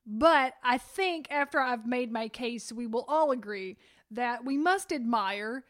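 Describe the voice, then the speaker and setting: A woman in her thirties co-hosting a casual chat, animated and quick to laugh, with lots of fillers. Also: a little high. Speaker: podcast co-host.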